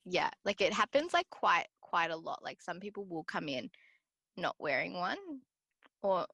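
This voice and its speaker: Chatty young woman, bright. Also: fairly low pitch, big pitch swings, unhurried, gravelly, husky, dry recording. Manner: chatty, filler-heavy storytelling. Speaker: podcast guest. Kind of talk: casual chat.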